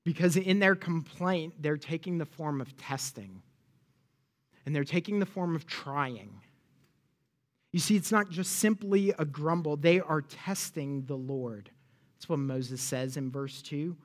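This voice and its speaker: A man delivering a sermon as a pastor, his voice sitting a little high for a man. He preaches with animated, pointed energy and often turns to the listeners with rhetorical questions. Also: unhurried.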